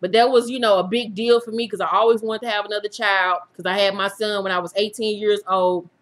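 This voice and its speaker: A YouTube host in her thirties tells viewers her own story frankly and with swearing, laughing through the painful parts. Her medium-pitched voice stays steady and moves a little fast.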